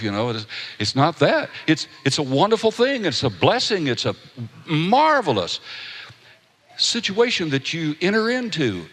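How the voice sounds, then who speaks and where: A man's voice: mid-range voice, big pitch swings, normal speed, a bit bright. A man preaching a sermon in a folksy storytelling manner, with asides and rhetorical questions. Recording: echoey hall.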